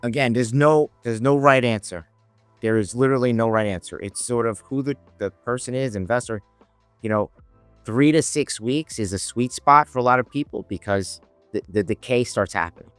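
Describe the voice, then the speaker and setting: A man with a clear, resonant, medium-pitched voice talks at normal speed as a podcast guest. An options trader, he rambles through a casual story, restarting often and performing the dialogue, over faint music with no room sound.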